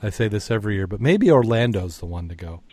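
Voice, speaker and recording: A man hosting a casual podcast chat, talking in halting stops and restarts and repeating his words as he tells corny jokes. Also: lowish voice, big pitch swings, darkish tone, dry recording. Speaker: podcast host.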